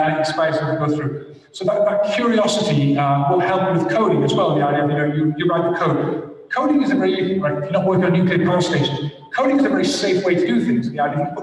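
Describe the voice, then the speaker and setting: A man's voice: a little high, fast talker. Older man, guest lecturer, enthusiastic, rambling, recorded from afar, very echoey room. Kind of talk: lecture answering questions. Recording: echoey hall from far off.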